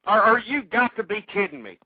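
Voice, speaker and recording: A man's voice: high voice, big pitch swings, brisk, husky, no room sound. A man hosting a political talk radio show, ranting angrily and hurling insults at his listeners. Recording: tinny phone-like radio audio.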